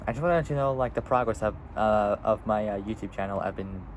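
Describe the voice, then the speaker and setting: A man's voice: on the low side, fast talker, a little hiss or hum, rough recording. A seventeen-year-old boy vlogging outdoors, rambling casually with lots of fillers and restarts. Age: teens. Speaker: YouTuber. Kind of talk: casual vlog.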